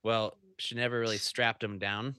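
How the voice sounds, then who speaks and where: A man's voice: lowish voice, level tone, normal speed, sharp tone, smooth. Man telling a rambling crude story. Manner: rambling, laughing, crude anecdotes. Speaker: podcast co-host. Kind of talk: casual storytelling.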